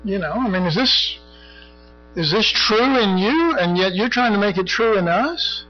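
High-voiced older man preaching casually. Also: expressive, normal speed. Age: middle-aged or older. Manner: rambling, full of "you know", clears his throat often. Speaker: Bible study teacher. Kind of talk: conversational sermon teaching. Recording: dull lo-fi recording.

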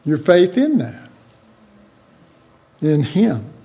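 A man with a high-pitched voice teaches the Bible in a slow, unhurried way. He keeps it informal and chatty, acting out little imagined dialogues as he goes. The recording sounds dull and lo-fi. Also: big pitch swings, mellow.

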